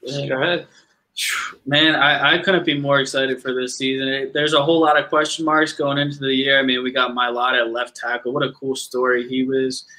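A man speaks earnestly about his team's chances in a casual sports chat. His delivery is flat in pitch, but his tone is bright. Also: a little fast, poor audio. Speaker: podcast panelist.

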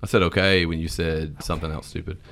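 A man with a very low voice who teases his co-hosts, laughs a lot and drops deadpan one-word replies. He sounds relaxed and loose in a casual podcast chat. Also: fast, no echo. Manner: teasing, laughs often, deadpan "okay". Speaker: podcast host.

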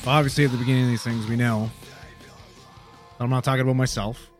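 A man's voice: medium pitch, fairly even intonation, fast. Casual storyteller, male paramedic, rambling, checks in with the listener constantly, faint music behind. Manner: rambling, peppered with "you know what I mean".

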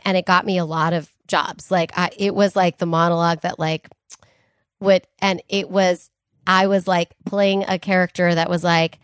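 A woman's voice: lowish voice, no echo, studio quality. Playful woman co-host chatting. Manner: playful, reactive, self-deprecating jokes. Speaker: podcast co-host. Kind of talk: casual chat.

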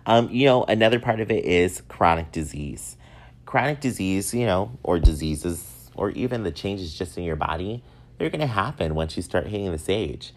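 Deep-voiced man, self-mocking podcast talk. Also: moderate pace. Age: 30s. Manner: self-mocking, animated storytelling. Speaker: podcast host. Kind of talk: casual solo podcast monologue.

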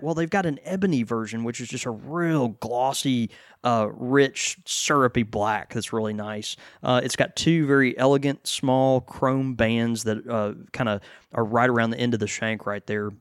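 A man co-hosting a casual podcast chat, relaxed and full of fillers and restarts. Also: mid-range voice, moderate pace, smooth, dry recording, clean studio sound. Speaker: pipe shop co-host.

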